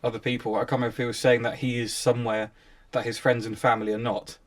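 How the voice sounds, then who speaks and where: A man's voice: mid-range voice, level tone, quick pace. A British man, a paranormal investigator, thinking aloud and chatting casually during a ghost hunt.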